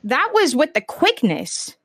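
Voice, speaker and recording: A woman's voice: high-pitched, wildly swooping pitch, a little slow. A woman streamer speaking frankly and with passion in a casual panel discussion. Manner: impassioned, frank and blunt.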